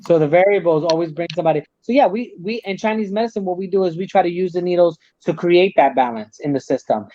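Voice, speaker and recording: A man with a somewhat high voice talks casually as a guest on a talk show. He explains ideas at length, circling back and restarting his sentences. The audio is dry and a little dull. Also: quick pace, hardly any pauses, warm tone, no room sound. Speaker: guest, Chinese medicine practitioner.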